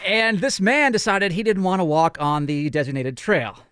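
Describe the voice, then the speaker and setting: A man co-hosting a morning radio show, telling a funny story in a lively way and laughing along with the others. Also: high-pitched, normal speed, heavy background noise. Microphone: studio mic.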